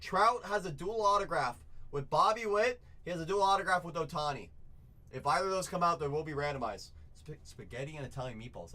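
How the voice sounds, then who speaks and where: A man hosting a live card break stream, talking to viewers in excitable, repetitive sales patter. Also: on the high side. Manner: excitable, repeats phrases, chats with viewers. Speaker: card break livestream host.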